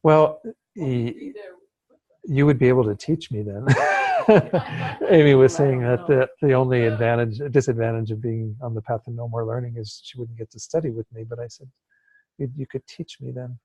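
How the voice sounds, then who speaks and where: A man of ordinary pitch leads a class over a video call, talking in a relaxed, explanatory way, pausing on fillers and chuckling now and then. His voice sounds close and dry, with no room around it. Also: no room sound. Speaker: Buddhist study teacher. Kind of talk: online class lecture.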